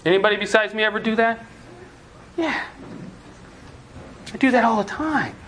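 A man's voice: high-pitched, normal speed, fairly bright tone, slight background noise. A man preaching a sermon as pastor, asking the congregation earnest rhetorical questions.

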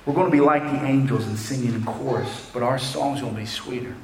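A man's voice: medium pitch, brisk, a little mellow, a little hiss or hum. A man preaching a sermon, asking his listeners direct questions and lifting his voice when he reads scripture. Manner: preaching with rising emphasis on scripture quotes; asks the congregation direct questions. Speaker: pastor. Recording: roomy echo.

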